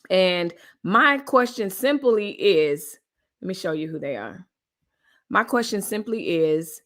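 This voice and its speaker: A woman's voice: lowish voice, fairly bright tone. A woman hosting a casual live news commentary stream, chatting colloquially with her viewers and reading their comments.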